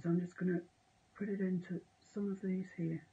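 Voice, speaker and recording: A chatty woman talks through a painting demo on a live stream. Her voice is gravelly and husky, and the audio sounds dull and lo-fi. She often drifts off mid-sentence. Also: lowish voice, level tone, brisk, mellow. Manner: chatty, self-amused, trails off mid-sentence. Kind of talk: casual live painting demonstration.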